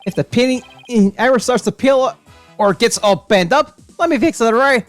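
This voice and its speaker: A woman voicing a loud, overeager young woman who acts macho, shouting every line until her voice strains. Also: fairly high pitch, moderate pace, soft background music, close to an everyday voice. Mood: eager.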